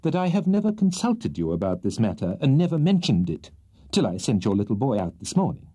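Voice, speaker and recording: A man voicing a kindly, flustered elderly gentleman in a storybook reading, with a genial, fussy, exclaiming manner. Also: medium pitch, sing-song, a little fast, husky.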